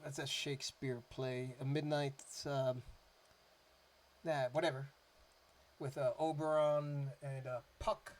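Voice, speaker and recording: Slow-talking man reacting casually. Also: medium pitch, level tone. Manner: rambling, loose, full of "like" fillers. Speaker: music reaction host.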